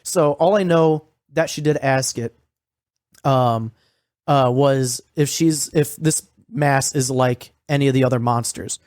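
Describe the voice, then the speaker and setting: A man's voice: mid-range voice, measured pace, a little mellow, no echo, studio quality. A man co-hosting a podcast, recapping a horror series in casual, profane, rambling talk full of fillers. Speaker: podcast co-host.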